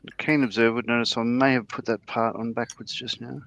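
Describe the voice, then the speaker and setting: A man's voice: medium pitch, fairly even intonation, brisk, gravelly, a bit bright, no room sound, muffled recording. A man on a casual model-building livestream who talks through his build steps and pokes fun at his own mistakes. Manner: self-deprecating, explains his build steps. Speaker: co-host building a model kit.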